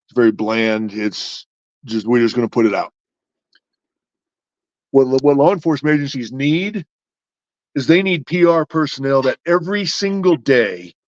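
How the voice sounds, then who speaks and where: A man's voice: medium pitch, no echo, dull audio. A man hosting a podcast who argues his points casually, stacking up rhetorical questions. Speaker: podcast host.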